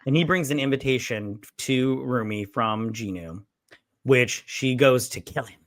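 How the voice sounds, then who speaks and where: A man's voice: mid-range voice, unhurried, no room sound, studio quality. A man co-hosting a casual movie recap chat, rambling through the plot and acting out lines with swearing. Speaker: podcast co-host.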